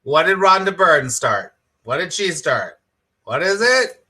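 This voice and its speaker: A man's voice: fairly high pitch, very animated, measured pace, bright, forceful tone. A middle-aged man, a spiritual teacher, teaching on a live stream with enthusiasm, repeating his points and quizzing viewers by name.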